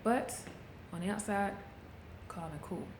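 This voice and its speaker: A woman's voice: medium pitch, measured pace, background noise. A middle-aged woman talking candidly into a handheld camera, coaching viewers in a casual motivational vlog. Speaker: vlogger. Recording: echoey room, faint background ambience.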